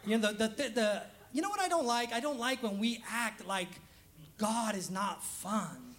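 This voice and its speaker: A man's voice: high voice, expressive, normal speed, a bit bright. A man preaching a casual, humorous sermon as pastor, laughing often and acting out quoted voices.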